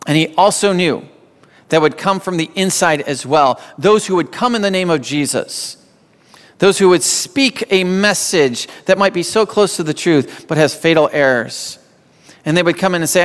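A man's voice: high voice, lively intonation, normal speed. A man preaching a sermon as a pastor, emphatic and repeating phrases for weight. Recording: long hall reverb.

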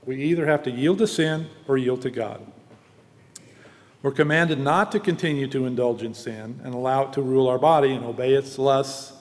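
Guy giving a sermon, mid-pitched, earnest teaching voice, big hall echo. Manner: earnest teaching, slows for emphasis. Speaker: pastor. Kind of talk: sermon with scripture reading. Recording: long hall reverb.

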